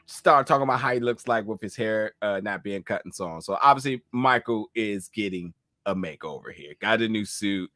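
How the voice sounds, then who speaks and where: A man's voice: fairly low pitch, a little fast, no room sound, clean studio sound. Chatty Southern-accented man recapping a show. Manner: animated, acts out quotes, frequent fillers. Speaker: podcast co-host reviewing a TV episode. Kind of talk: casual recap chat.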